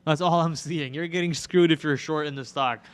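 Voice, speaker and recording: A young male host rattles off casual market commentary in a loose, rambling way, full of fillers and restarts. His voice sits a little high for a man and comes across smooth and clear. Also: steady tone, normal speed. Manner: rambling, chatty, filler-heavy. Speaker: stock trading livestream host.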